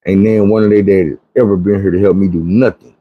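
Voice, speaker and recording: A man's voice: low voice, steady tone, fast talker, phone-quality sound. A man, telling a personal story in a conversational, emphatic way. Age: 40s. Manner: conversational, emphatic, repeats "you know what I'm saying".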